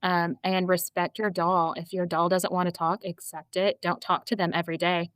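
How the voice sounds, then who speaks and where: Gushing woman with a smooth voice. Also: on the low side, level tone, moderate pace, fairly bright tone, dry recording. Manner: gushing, enthusiastic, earnest. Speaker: guest, doll collector. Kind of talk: casual chat.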